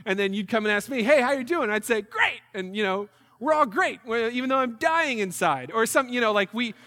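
A man's voice: high voice, brisk, big-room sound. A young man from New York giving a missionary presentation to a church group, telling stories with jokes and acted-out asides. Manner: animated, jokey storytelling with acted-out asides. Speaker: missionary speaker.

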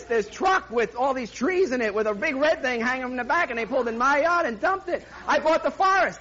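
Very high, bright-voiced preacher man. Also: highs cut off. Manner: lively storyteller, voices sound effects and laughs along. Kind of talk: sermon with a humorous personal story.

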